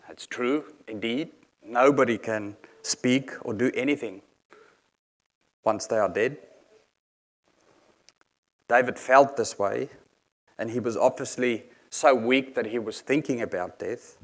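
A man's voice: medium pitch, takes it slowly, pauses often. A man preaching a sermon in an earnest, explanatory manner, reading scripture aloud and unpacking each verse.

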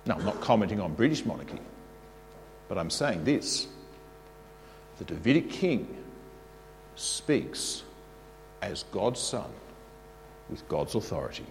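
A man preaching a sermon, animated and leading the congregation in call-and-response. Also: medium pitch, normal speed, pauses often, a little hiss or hum. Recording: long reverb of a large hall.

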